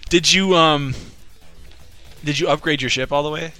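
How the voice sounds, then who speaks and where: A man with a bright, forward tone chats casually about a game, relaxed and easygoing. He trails off now and then and tosses in short remarks, with faint music behind. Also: a little high, moderate pace. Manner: laid-back, chuckling, trailing off.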